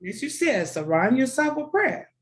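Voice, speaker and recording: A woman's voice: sits high, very animated, normal speed. Earnest African-born woman founder. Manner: earnest, declarative, preacher-like repetition. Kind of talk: interview answers, faith testimony.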